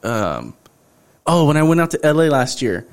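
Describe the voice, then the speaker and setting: A man from Houston, a musician guest on a podcast, chatting in a relaxed, slangy way and chuckling. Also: a little high, moderate pace. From Houston, Texas. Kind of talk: casual chat.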